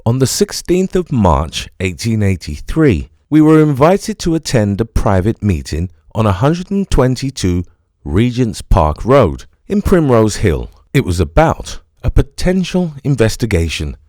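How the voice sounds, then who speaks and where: A man giving scripted first-person audiobook narration in an expressive, storytelling manner. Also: mid-range voice, measured pace, no room sound, clean studio sound.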